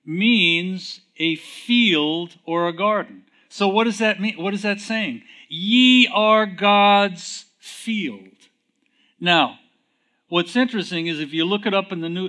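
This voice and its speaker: Slow-speaking man preaching a Bible lesson. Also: high voice, sharp tone. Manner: asks the congregation questions and answers them, reads verses slowly and emphatically. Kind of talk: sermon, teaching from scripture.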